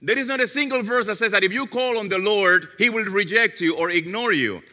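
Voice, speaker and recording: A male pastor preaching a sermon, telling a story and dropping softly into quoted prayers. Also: high voice, brisk. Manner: storytelling, drops to soft tones for quoted prayers. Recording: long hall reverb.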